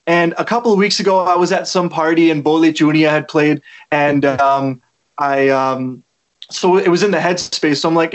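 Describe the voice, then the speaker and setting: A man chats loosely as the guest in a relaxed interview. His voice sits a little above the usual male range. He rambles with plenty of fillers. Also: a little high, brisk. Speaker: musician guest. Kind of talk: casual interview chat. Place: lives in Toronto.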